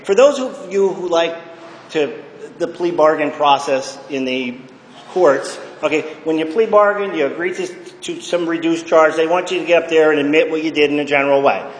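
A man's voice: a little high, slight background noise. A middle-aged man giving blunt, profane personal testimony at a recovery meeting, often checking in with the room. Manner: emphatic, blunt and profane, keeps checking in with "okay?". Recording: echoey hall with long reverb.

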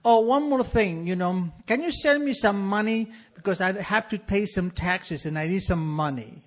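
A man's voice: high-pitched, moderate pace, pitched above the performer's own voice, natural voice. A man doing a wheedling old father. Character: estranged elderly father, wheedling and apologetic.

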